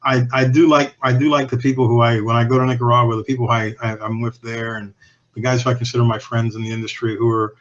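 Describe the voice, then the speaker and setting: A man's voice: mid-range voice, flat delivery, fast talker, a bit bright, muffled recording. A man guesting on a podcast, telling cigar-industry stories in a candid, profane, rambling way that often restarts and trails off. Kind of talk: casual anecdotal storytelling.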